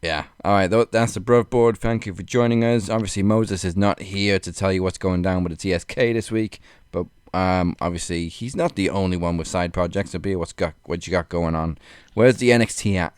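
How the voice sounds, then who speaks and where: A man hosting a podcast, steering the chat in a low-key way. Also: fairly quick, clear, resonant tone, no room sound, studio quality. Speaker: podcast host. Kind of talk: casual chat.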